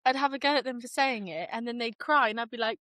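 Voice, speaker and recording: A woman's voice: on the high side, fast talker, fairly bright tone, no echo. A young woman co-hosting a podcast as the daughter, playful and teasing, with lots of giggling. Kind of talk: casual chat.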